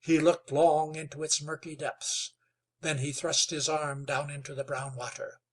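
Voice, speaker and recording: Slow, husky male narrator. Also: fairly high pitch, flat delivery. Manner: slow, measured reading. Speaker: audiobook narrator. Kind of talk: scripted narration.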